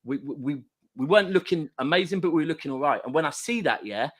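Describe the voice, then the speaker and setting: A man's voice: fairly high pitch, fast talker. Chatty middle-aged man from Manchester. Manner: chatty, storytelling, lively anecdotes. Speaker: guest football fan. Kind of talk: casual football chat.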